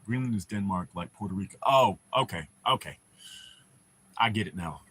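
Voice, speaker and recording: A man's voice: fairly low pitch, moderate pace, fairly bright tone, husky. A young American man hosting a casual livestream, telling rambling, profane stories to his chat. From United States. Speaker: livestream host.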